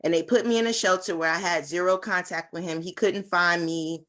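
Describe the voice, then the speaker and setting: A woman's voice: lowish voice, steady tone, a little fast, a bit bright. A woman in her twenties giving an earnest, heartfelt personal testimony at a conference over a video call, with frequent fillers. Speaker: conference speaker.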